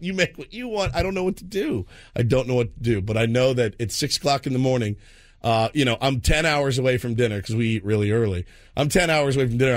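Brief: thirties male co-host, chatty and exasperated, mid-pitched everyday voice. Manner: self-deprecating, exasperated rambling. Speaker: radio show co-host. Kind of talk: casual morning show chat.

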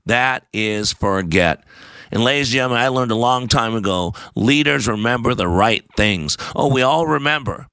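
A man's voice: mid-range voice, fairly quick, vocal fry, few pauses, sharp tone, clean tone, no echo. A man hosting a radio show, talking in an emphatic, repetitive, sermon-like way. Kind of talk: preachy talk radio monologue.

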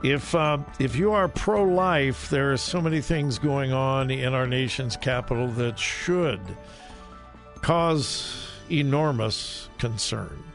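A male talk radio host delivers an opinion monologue, speaking deliberately and stressing key words. His voice sits at a medium pitch, and faint music plays behind him.

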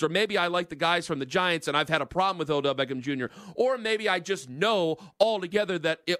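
A man's voice: sits high, pushed and bright, dry recording. A man hosting a sports talk radio show, ranting in an emphatic, fired-up monologue into a studio microphone.

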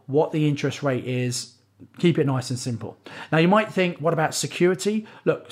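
A man giving an upbeat, persuasive step-by-step lesson on raising money from private lenders. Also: fairly high pitch. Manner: upbeat, persuasive, stepwise instruction. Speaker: property investment coach. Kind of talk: instructional coaching talk.

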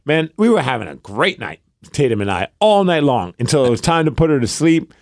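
A male podcast co-host in his 30s tells stories in casual chat, rambling and animated, with lots of fillers. His voice is mid-range and a little fast, recorded with a dry studio sound and no room sound.

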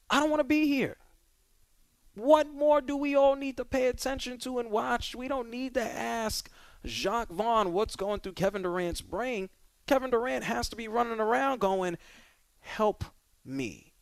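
A man's voice: very high-pitched, no echo. A man hosting a sports talk radio show, delivering an opinionated monologue with emphatic, punchy repetition.

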